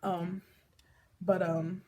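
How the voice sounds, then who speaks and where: A woman's voice: on the low side, flat delivery, very slow, a little mellow, slight background noise. A woman talking candidly in a personal vlog, rambling with lots of fillers and restarts, emotional enough to tear up. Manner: emotional, tearing up at times. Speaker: vlogger.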